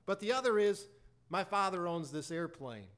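A preacher telling a personal story in a sermon, acting out both sides of a conversation and reciting hymn lyrics. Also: male voice, high-pitched, moderate pace. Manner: animated storyteller acting out dialogue.

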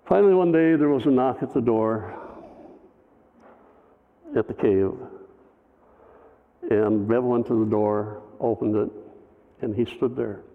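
A man's voice: mid-range voice, measured pace, long pauses. A man, a pastor, telling a personal story in a sermon, conversational with wry humor. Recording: phone-like, long hall reverb.

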